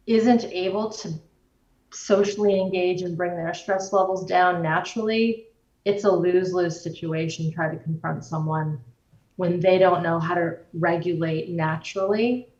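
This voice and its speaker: A woman guest explaining the nervous system in a measured way, using everyday examples. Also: lowish voice. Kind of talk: explanatory conversation. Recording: roomy, distant, dull-sounding recording.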